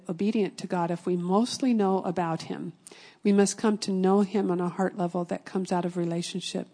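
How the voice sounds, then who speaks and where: A woman's voice: medium pitch, dark tone. A middle-aged woman preaching a sermon with personal stories, earnest and sometimes dropping to a whisper for emphasis. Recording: long hall reverb.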